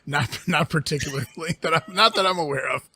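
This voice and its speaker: A man's voice: fairly high pitch, a little fast, bright, forceful tone, slightly rough, no room sound, studio quality. A man from Ohio, a guest on a casual podcast, who jokes and laughs a lot. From Ohio, United States. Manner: laughs often, joking.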